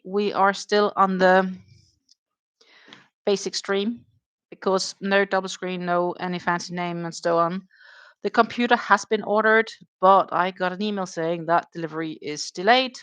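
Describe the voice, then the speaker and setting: A woman's voice: on the low side, fairly bright tone, no room sound. A woman hosting a casual crochet stream, chatting and thinking aloud with dry sarcasm and a Danish accent. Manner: chatty, dryly sarcastic, thinks aloud while counting stitches. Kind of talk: casual chat while crocheting.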